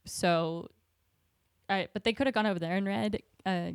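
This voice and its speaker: A woman's voice: medium pitch, normal speed, smooth, dry recording. Chatty woman podcaster, dry mic. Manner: chatty, with many fillers and giggles. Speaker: podcast co-host. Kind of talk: casual chat.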